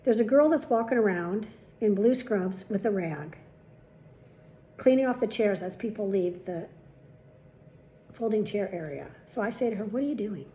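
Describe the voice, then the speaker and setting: A woman's voice: mid-range voice, normal speed, pauses often, warm tone, a little hiss or hum. A woman vlogger telling a story in a casual monologue, exasperated and profane, shifting her voice to quote the people in it.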